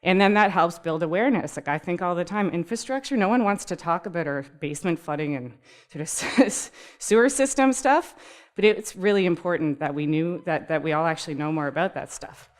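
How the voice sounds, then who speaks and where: At a tech community talk, a woman gives a casual, upbeat conversational presentation to a live audience. Her voice sits on the low side with lively intonation, and she speaks fairly quickly, laughing easily and addressing the room directly.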